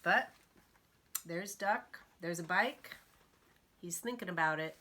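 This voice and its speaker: A woman librarian reading picture books aloud to young children, gentle and expressive. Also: lowish voice, takes it slowly, a little hiss or hum. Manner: gentle, expressive storyteller for toddlers.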